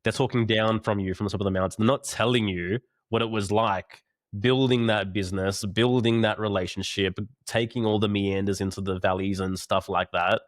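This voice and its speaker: A man's voice: lowish voice, fairly even intonation, moderate pace, dry recording, clean studio sound. A man speaking as a coach and guest on a podcast, earnest and making his point by restating it. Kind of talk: casual podcast conversation.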